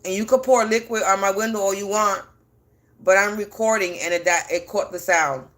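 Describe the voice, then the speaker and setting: A woman's voice: medium pitch, moderate pace, a bit bright. A woman ranting defiantly on a livestream from her home as a spiritual reader, cursing bluntly. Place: at home indoors.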